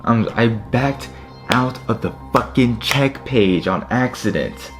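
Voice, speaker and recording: A young man with a low, deep voice talks straight to his audience, grumbling and swearing over an online checkout. He sounds annoyed and exasperated as he talks it through. Faint music plays quietly in the background. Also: expressive, slow pace. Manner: frustrated, swearing, talking to viewers. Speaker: streetwear vlogger. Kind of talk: casual live commentary.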